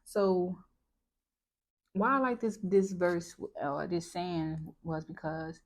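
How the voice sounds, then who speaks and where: A woman's voice: lowish voice, slow pace. A woman vlogger chatting casually about a Bible passage, reflective and talkative, with lots of filler words. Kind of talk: casual chat about scripture.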